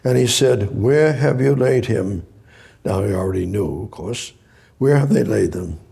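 A man's voice: on the low side, expressive, measured pace, creaky, mellow, breathy edge. A man preaching a sermon, reading scripture aloud and breaking off to explain it, repeating phrases and rising to emphatic exhortation.

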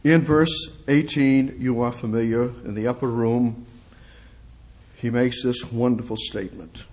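A man preaching a sermon, reading scripture slowly and pressing his points with emphatic rhetorical questions that swing from soft to exclamatory. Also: medium pitch, fairly even intonation. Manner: reads scripture slowly and deliberately. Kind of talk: expository sermon.

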